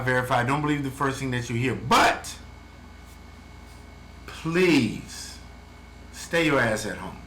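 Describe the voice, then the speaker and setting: Man, American, travel vlogger; blunt and heated, bright forceful tone, roomy echo. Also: medium pitch. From United States. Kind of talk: ranting video update. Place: home in the Philippines. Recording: echoey room, faint background noise.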